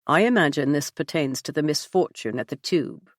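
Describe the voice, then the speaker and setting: A stiff, wry elderly spymaster speaks in clipped, formal sentences with dry understatement, as a woman narrator puts him on. The voice sits low. The audiobook recording is dry and close, with no room sound. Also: expressive, moderate pace, dry recording. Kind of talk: audiobook character voice.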